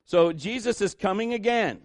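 A man's voice: high voice, moderate pace, no room sound, studio quality. A middle-aged male pastor preaching a sermon in a conversational, joking way, with asides to the congregation.

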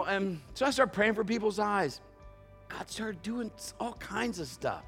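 Storytelling male pastor with loud outbursts. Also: high voice. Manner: conversational storytelling with loud emphatic bursts. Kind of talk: sermon.

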